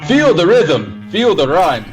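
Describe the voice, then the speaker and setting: A man putting on a Jamaican accent for a slow, chanted podcast intro rhyme. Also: high-pitched, huge pitch swings, faint music behind, pitched above the performer's own voice, exaggerated voice. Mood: playful. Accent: put-on Jamaican. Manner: slow sing-song chant.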